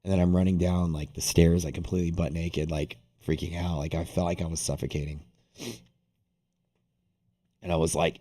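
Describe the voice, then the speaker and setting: Very deep-voiced man telling a rambling story. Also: normal speed, long pauses. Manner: rambling, animated, heavy use of "like". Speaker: day-trading livestream host. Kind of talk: casual storytelling to a live audience.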